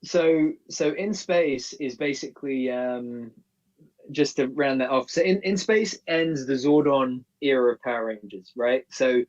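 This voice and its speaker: A man's voice: medium pitch, a little slow. Male co-host, rambling fan explainer, sounds distant and dull, off-mic. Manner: rambling, many restarts, nostalgic fan explaining. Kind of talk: casual live-stream chat.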